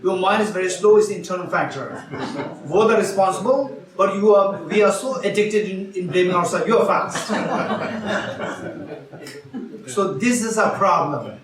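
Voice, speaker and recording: A man's voice: high-pitched, measured pace, long pauses, a crowd in the background. A man giving an interactive Buddhist teaching, asking the audience questions and repeating key phrases. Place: retreat teaching hall. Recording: roomy hall sound from far off.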